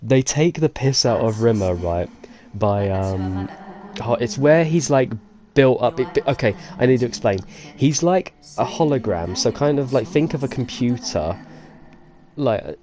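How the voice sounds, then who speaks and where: Man, gaming commentary, chatty and rambling, swears, lively swooping pitch, dark tone. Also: unhurried. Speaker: let's-play gamer. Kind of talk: casual commentary chat.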